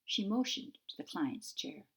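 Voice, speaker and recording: A woman author narrating her own fantasy novel in a clear, measured storytelling manner. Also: fairly low pitch, big pitch swings. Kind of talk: audiobook narration.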